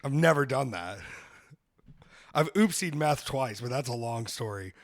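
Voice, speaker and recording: A man's voice: mid-range voice, animated, unhurried. A man hosting a podcast, chatting casually with campy, bawdy jokes. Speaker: podcast host. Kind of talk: casual chat.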